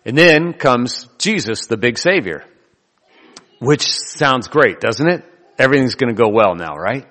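A man's voice: medium pitch, lively intonation, measured pace, a bit bright, in a large hall. A man preaching a sermon in a loose, conversational way, joking and laughing between his points. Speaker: pastor.

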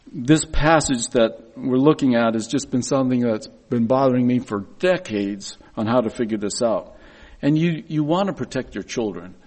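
A man's voice: mid-range voice, darkish tone. Earnest middle-aged man preaching. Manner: earnest storytelling with frequent word repeats. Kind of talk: sermon.

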